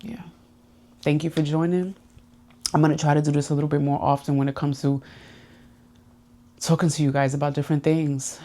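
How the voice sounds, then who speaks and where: A low-pitched, mellow-voiced woman hosts her own podcast, where she confides in listeners about personal growth. The monologue is heartfelt and now and then emotional.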